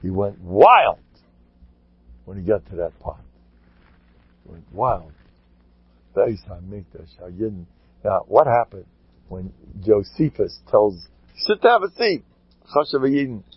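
A man giving a dramatic Torah class, swinging from muttered asides to impassioned shouts. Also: fairly low pitch, animated, takes it slowly, pauses often, husky, no echo, highs cut off. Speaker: Torah teacher.

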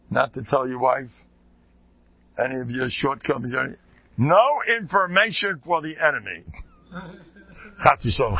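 A man's voice: medium pitch, gravelly, breathy edge, dry recording, muffled recording. An older man, a rebbe, giving an informal Torah talk, joking and sprinkling in Hebrew and Yiddish terms. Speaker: rebbe teaching a Torah class.

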